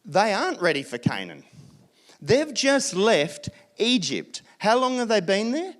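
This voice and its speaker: An Australian man delivers a church sermon with a fairly high-pitched voice. He preaches in an animated, storytelling way, slipping into little acted asides. His delivery is lively and engaged throughout. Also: measured pace. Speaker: pastor.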